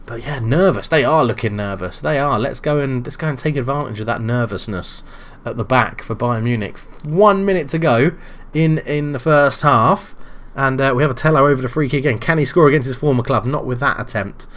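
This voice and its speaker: Casual male game streamer, mid pitch, chatty and self-mocking, excitable on big moments. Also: brisk. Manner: chatty, self-deprecating, excitable during play.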